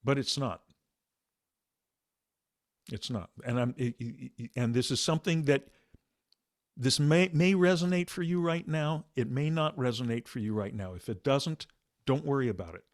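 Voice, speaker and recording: Soft-spoken reflective male meditation teacher. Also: mid-range voice, normal speed, pauses often, dry recording, studio quality. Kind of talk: meditation discussion talk.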